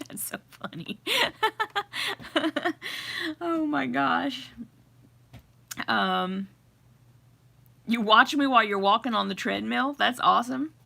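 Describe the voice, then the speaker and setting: A woman's voice: a little high, animated, takes it slowly, creaky, pauses often. A middle-aged woman hosting a casual livestream from home, laughing often as she greets viewers and reads their comments. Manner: giggly, chatty, warm greetings to viewers. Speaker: livestream host. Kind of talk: casual live chat reading comments. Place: home with a fireplace.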